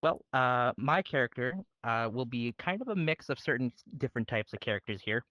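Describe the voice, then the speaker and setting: A man's voice: mid-range voice, lively intonation, a little fast, sharp tone, no echo, rough recording. A man auditioning for a roleplay, answering questions casually with many fillers and restarts.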